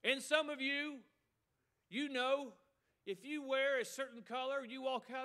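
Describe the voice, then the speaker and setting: A man's voice: extremely high pitch, fairly even intonation, unhurried, pushed and bright. A middle-aged male pastor preaching a sermon with emphasis, repeating a refrain and mocking excuses.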